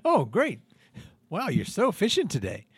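A man's voice: high-pitched, huge pitch swings, moderate pace, slightly rough, no echo. A man hosting a comedy podcast, talking in a dry, theatrical, self-mocking way. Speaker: podcast host. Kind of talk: comedic improvised banter.

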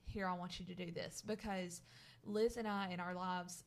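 A woman's voice: lowish voice, steady tone, normal speed, creaky. Earnest woman co-hosting faith talk. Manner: earnest, encouraging, speaks to listeners. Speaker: podcast co-host.

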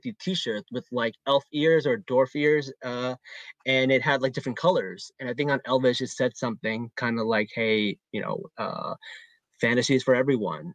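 A man hosting a podcast who talks in a loose, laid-back way, scattering fillers through his sentences. His voice sits in a middle pitch, and the recording is dry and close. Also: no room sound. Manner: easygoing, filler-heavy talk with many "like" and "man". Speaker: podcast host. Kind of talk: casual chat.

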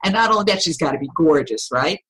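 A woman voice coach talks as a podcast guest in a slightly low, husky voice. She explains things with energy and coaching enthusiasm. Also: animated, fast talker, a bit bright, poor audio. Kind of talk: podcast interview.

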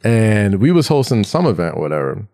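A man in his thirties, co-hosting a podcast and telling a story in casual chat. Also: normal speed. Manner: animated storyteller, jumps into high voices for quotes. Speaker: podcast co-host.

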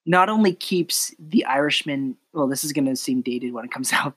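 A man's voice: mid-range voice, husky. A man hosting a film podcast, talkative and opinionated, steering the conversation back on track. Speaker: podcast host. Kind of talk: casual film discussion.

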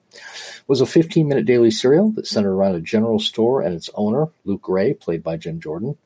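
A man hosting a podcast, reading a scripted introduction in a steady, informative way. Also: on the low side, breathy edge. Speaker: podcast host.

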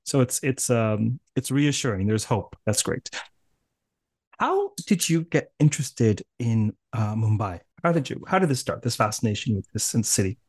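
A man from Canada hosts a podcast interview in a middle-pitched voice. He talks in a chatty, rambling way and laughs easily. The recording is dry and close. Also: big pitch swings, moderate pace, husky, no echo. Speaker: podcast host. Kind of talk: interview conversation.

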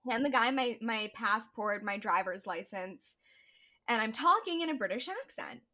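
Bright-voiced woman telling a story. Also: on the high side, moderate pace. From United States. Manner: animated storyteller, quotes people. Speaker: guest actress. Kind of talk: casual podcast interview.

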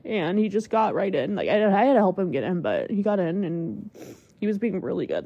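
A woman's voice: medium pitch, sing-song, brisk, mellow, slightly rough, no echo, highs cut off. A woman hosting a podcast, telling a personal story in a chatty, candid way and using "like" constantly. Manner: chatty, heavy use of "like", emotional and candid. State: choked up at times. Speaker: podcast host.

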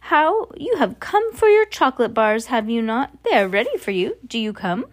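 A woman's voice: a little high, big pitch swings, moderate pace. A woman voicing a disguised female witch who coaxes in a falsely sugary way while reading a book aloud. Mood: coaxing.

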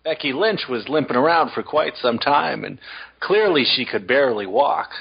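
A man with a gravelly, husky voice chats casually on a podcast, cracking dry jokes. The recording sounds dull and lo-fi. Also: fairly high pitch, animated, normal speed. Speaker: podcast co-host. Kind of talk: casual chat. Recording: muffled lo-fi podcast audio.

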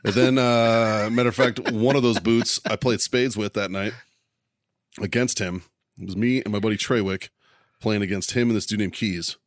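A man's voice: on the low side, fairly even intonation, normal speed, no echo, clean studio sound. A man co-hosting a podcast, telling a casual, profane war story and laughing at himself. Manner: laid-back, swears a lot, laughs at own story. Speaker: podcast co-host.

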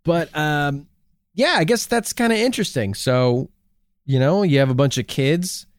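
Man, podcast co-host, casual chat, lively swinging pitch, swears a lot, dry close sound. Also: unhurried, clear, resonant tone, dry recording. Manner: animated, swears a lot, breaks into jokey put-on voices.

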